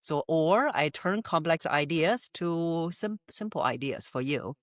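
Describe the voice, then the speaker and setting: A woman's voice: sits low, lively intonation, measured pace, dry recording, studio quality. A woman voice coach answering interview questions, explaining with frequent "uh" fillers and light laughs. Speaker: voice coach guest.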